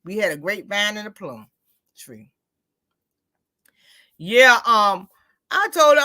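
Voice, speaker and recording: A woman's voice: mid-range voice, takes it slowly, pauses often. A woman chatting casually as a host, telling stories and acting out quoted exchanges. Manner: chatty, storytelling, animated retelling with quoted dialogue. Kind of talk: casual chat.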